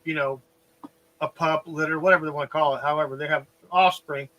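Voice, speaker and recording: A man's voice: fairly high pitch, fairly even intonation, a little fast, bright, forceful tone, poor audio. A man chatting casually on a livestream, rambling and explaining through analogies.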